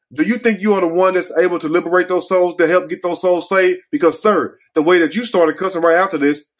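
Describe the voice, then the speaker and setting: Guy running his own commentary show, folksy and preachy, scolds folks, voice a bit high. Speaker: host. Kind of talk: commentary vlog.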